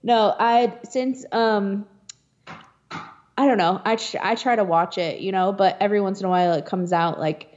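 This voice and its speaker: Woman co-host, warm mellow tone, easygoing, dull lo-fi sound. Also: mid-range voice, fairly even intonation, moderate pace. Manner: laughing, easygoing. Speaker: podcast co-host. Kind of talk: casual chat.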